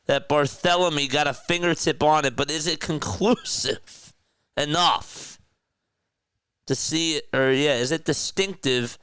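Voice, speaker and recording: A man with a South Jersey accent calling a basketball game as a casual live-stream play-by-play commentator, chatty and quick to correct himself. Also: fairly high pitch, fairly bright tone, clear, resonant tone, no echo, clean studio sound. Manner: chatty, laughs easily, corrects himself mid-call.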